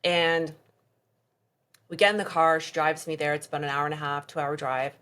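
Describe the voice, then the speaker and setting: A woman with a low, deep-set voice recounts a painful chapter of her life as a podcast guest. She talks in a conversational way, acting out what others said, and at hard moments her voice sinks to a hushed near-whisper. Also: fairly even intonation, moderate pace. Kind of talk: emotional personal storytelling.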